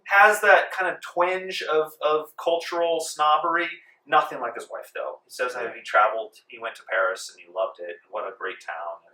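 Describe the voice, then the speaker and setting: Relaxed, meandering male game master; bright tone, distant mic in a roomy space. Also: mid-range voice, normal speed, hardly any pauses. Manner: relaxed with many fillers. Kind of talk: narrating a tabletop game. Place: library room. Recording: echoey room from far off.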